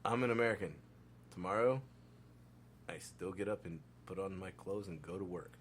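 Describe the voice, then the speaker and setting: A man's voice: low-pitched, normal speed, a little hiss or hum. A man hosting a casual podcast, telling stories in a loose, profane way and quoting other people. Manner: loose, profane storyteller who quotes others. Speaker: podcast host.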